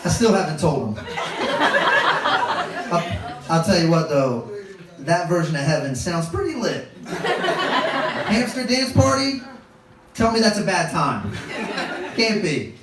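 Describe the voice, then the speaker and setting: A man's voice: on the high side, lively intonation, unhurried, long pauses, very noisy. Man, stand-up comedy, storytelling, distant mic, roomy club echo, audience laughter in the background. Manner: storytelling, self-deprecating, quoting his kids in a raised voice.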